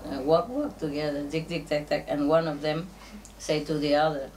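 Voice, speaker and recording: A woman telling a string of jokes in a casual, halting way, laughing often at her own punchlines and acting out the characters in higher voices. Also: fairly even intonation, a little mellow, distant mic, a little hiss or hum. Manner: slow, halting delivery with fillers and restarts. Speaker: joke teller.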